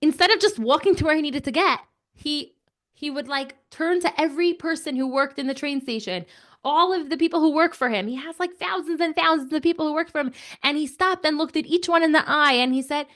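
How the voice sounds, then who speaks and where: A young woman telling an animated story to children, chatty and excitable, with lots of filler words. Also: high voice, brisk.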